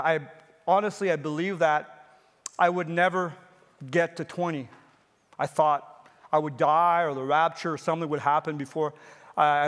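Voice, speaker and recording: Male pastor in his fifties with a high voice, preaching earnestly in a church with long reverb. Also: a bit bright. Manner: earnest, personal preaching with repeated phrases. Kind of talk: sermon.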